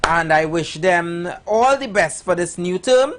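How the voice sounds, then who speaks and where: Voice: medium pitch, lively intonation, unhurried. A radio host with a Trinidadian accent, talking in playful, rambling live banter with many fillers and restarts.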